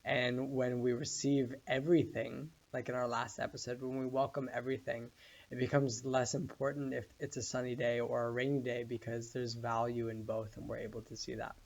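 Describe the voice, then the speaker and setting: A man giving a casual spoken meditation lesson, telling a story in a relaxed way with many fillers. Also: medium pitch, normal speed, gravelly, highs cut off. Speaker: meditation course teacher.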